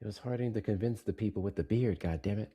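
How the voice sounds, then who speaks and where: A man's voice: fairly low pitch, fast, mellow, husky, no room sound. A man co-hosting a casual live-stream chat, making dry, wry remarks.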